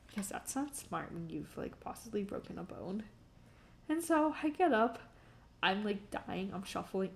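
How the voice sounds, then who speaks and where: Young woman streamer with a gravelly edge. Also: medium pitch, a little mellow. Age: young adult. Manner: rambling, full of "like" and "um", laughing often. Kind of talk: casual storytelling while drawing on stream.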